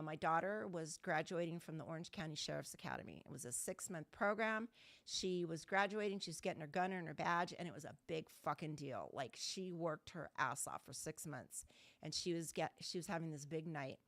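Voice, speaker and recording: Blunt, low-voiced woman sharing her recovery. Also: dry recording. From Southern California. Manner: candid and blunt, with casual swearing. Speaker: guest speaker. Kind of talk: recovery meeting personal story. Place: online video call meeting.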